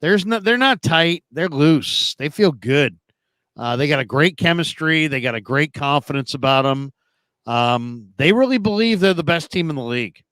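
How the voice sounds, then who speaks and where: Middle-aged guy running a sports call-in, kinda high voice, dry close mic. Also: normal speed, dry recording. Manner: animated storyteller, acts out quoted voices. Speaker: sports talk show host.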